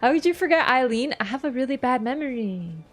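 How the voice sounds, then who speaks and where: A woman's voice: sits high, expressive, fairly quick. Chatty young woman streaming games. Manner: chatty, playful, reading chat aloud. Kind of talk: casual live-stream chat.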